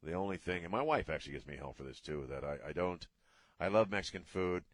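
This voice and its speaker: A man's voice: sits low, expressive, fast, no echo. A middle-aged man hosting a radio talk show, ranting bluntly in a casual way and cursing freely.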